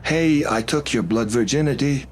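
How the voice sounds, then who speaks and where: A man's voice: deep voice, normal speed, slight background noise, natural voice. A man voicing a reckless, cheerful young man who dabbles in black magic, talking in eager, rambling bursts.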